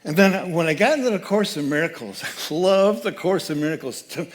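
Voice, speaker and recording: A man's voice: on the high side, brisk. Man telling a story in a sermon. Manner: animated storyteller, acts out quoted voices. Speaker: guest speaker. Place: church sanctuary.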